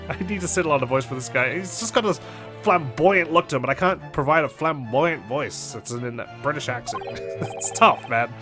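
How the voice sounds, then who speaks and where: A man's voice: fairly high pitch, expressive, normal speed, bright, forceful tone. A man casually commenting while he plays a game, chatty and self-deprecating. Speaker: let's play host. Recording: game music behind voice.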